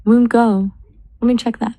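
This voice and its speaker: A woman brainstorming names in casual chat, measured and spelling words out letter by letter. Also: a little high, fairly even intonation, dark tone, dry recording. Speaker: brainstorming assistant.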